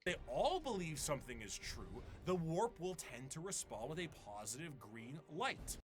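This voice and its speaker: A man's voice: a little high, sing-song, moderate pace, a crowd in the background. A man reading a scripted video essay narration in a dry, explanatory way. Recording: narration over background music.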